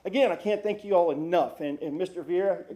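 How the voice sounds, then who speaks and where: A man's voice: high-pitched, quick pace. A retiring police officer, a man, gives an emotional, effusive thank-you speech in a council chamber. He is choked up and repeats his thanks again and again. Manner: effusive, repeats thanks, speaks with warm religious gratitude.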